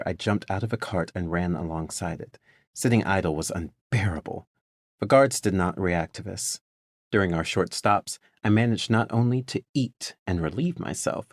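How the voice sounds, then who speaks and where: Male narrator, very low register, measured first-person storytelling, dry sound. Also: dry recording. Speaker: audiobook narrator.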